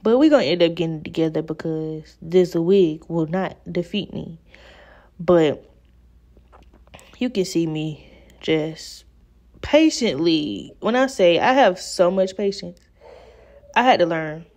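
A woman's voice: fairly low pitch, expressive, unhurried, long pauses, darkish tone. A young woman talking through a wig install in a casual, exasperated vlog style, chatting straight to her viewers. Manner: exasperated, chatty, addresses viewers as girl and y'all. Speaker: beauty vlogger. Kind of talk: casual talk-through hair tutorial. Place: home room at a mirror.

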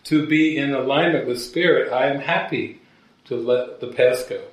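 Speaking at a medium pitch and a moderate pace, this man is a spiritual teacher sharing stories with a gathering and frequently chuckling at his own jokes. The talk takes place in a meeting hall, recorded from a distance in a very reverberant room.

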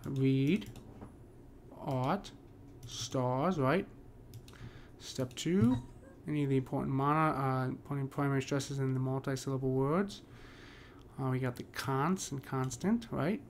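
A man teaching a poetry lesson in a casual, step-by-step way, often checking in with "right?" and slowing down to read verse lines. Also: medium pitch, a little hiss or hum. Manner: talks through steps with frequent "right?" and fillers; reads verse lines slowly and deliberately.

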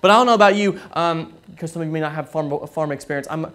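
A man preaching a sermon, telling a story with frequent halting restarts and repeated words. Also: fairly high pitch, fairly bright tone. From southern United States.

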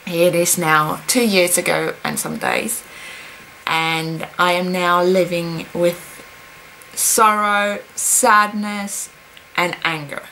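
A young woman speaking in a personal confessional vlog, hesitant and halting, with many pauses and fillers. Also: fairly low pitch, steady tone, pushed and bright, a little hiss or hum, low-quality recording. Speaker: vlogger.

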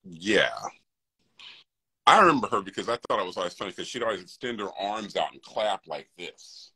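A man hosting a casual conversation, relaxed and reminiscing. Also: lowish voice, normal speed, breathy edge, poor audio. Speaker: host.

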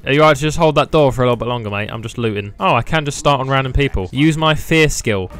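A man's voice: mid-range voice, quick pace, few pauses, fairly bright tone. A man doing sarcastic comedic commentary while playing a video game, laughing often and mocking it. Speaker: gaming YouTuber. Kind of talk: comedic let's play commentary.

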